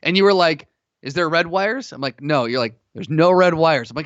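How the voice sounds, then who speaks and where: A man's voice: fairly high pitch, animated, moderate pace, fairly bright tone, dry recording. Man, podcast co-host, laid-back banter, dry close sound, slightly muffled. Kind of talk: casual chat.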